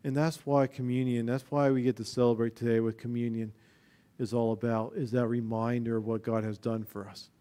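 A man preaching a sermon as pastor, rising to loud emphatic passages and dropping to quiet, low stretches. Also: little pitch movement, fairly quick.

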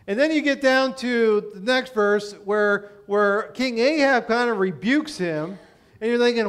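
A man's voice: very high voice, a little slow, fairly bright tone, clean tone. A man from Pennsylvania preaching a sermon in a conversational way, explaining with rhetorical questions.

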